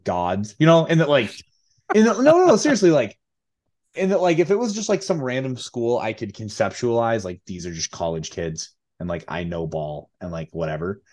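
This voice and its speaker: A young man who co-hosts a podcast and coaches high school tennis tells a story in a laid-back way, full of fillers and laughs. His medium-pitched, darkish voice swings widely in pitch at a moderate pace.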